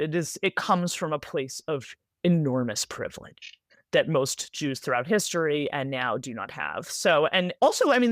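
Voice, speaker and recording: A woman from the United States, an author being interviewed, speaking rapidly in an animated way with many "like"s and tag questions. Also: lowish voice, no echo, studio quality. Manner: animated, rapid, filler-heavy with frequent "like" and "right?". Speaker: author, guest. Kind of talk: conversational interview answers.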